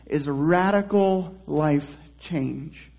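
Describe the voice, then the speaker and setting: A male pastor preaching a sermon, reflective and conversational, trailing off softly at the ends of phrases and restarting himself in casual asides. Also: a little high, creaky, low-quality recording. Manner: slow, reflective preaching with drawn-out soft phrase endings.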